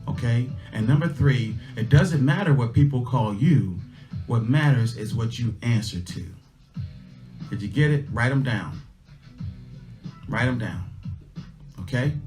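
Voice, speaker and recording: A man's voice: medium pitch, dark tone. A middle-aged man hosting a livestream, telling a casual personal story and driving home life lessons with emphatic repetition. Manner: folksy, emphatic, repeats his lessons. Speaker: livestream host. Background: faint guitar music.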